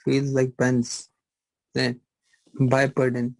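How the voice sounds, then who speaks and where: A middle-aged man lectures on pharmacology in a live online class, repeating points and teasingly firing rhetorical questions at students. His mid-range voice is slow and completely flat, and the dry recording is of poor quality.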